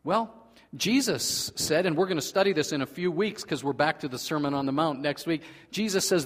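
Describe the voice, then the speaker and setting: A man preaching a sermon in earnest, swinging between loud emphasis and hushed, quiet passages. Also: fairly high pitch, brisk. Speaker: pastor. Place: church sanctuary. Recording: long reverb of a large hall.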